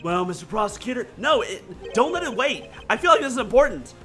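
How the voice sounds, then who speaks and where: A man voicing an excitable young female sidekick in a video game who speaks emphatically. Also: very high-pitched, quick pace, faint music behind, voice pushed up, exaggerated voice. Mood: insistent.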